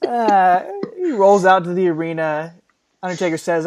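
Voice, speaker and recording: A man's voice: fairly high pitch, moderate pace, a little mellow. A man co-hosting a podcast, recapping a show dryly with occasional laughs. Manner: dry recap reading with laughs. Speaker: podcast co-host. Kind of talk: casual chat.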